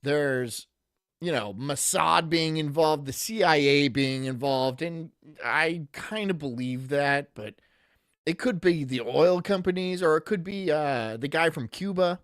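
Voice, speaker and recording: A man's voice: on the high side, unhurried, a bit bright, dry recording, clean studio sound. A male streamer riffing casually and reading chat messages aloud in a rambling, joking way. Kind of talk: casual reaction commentary.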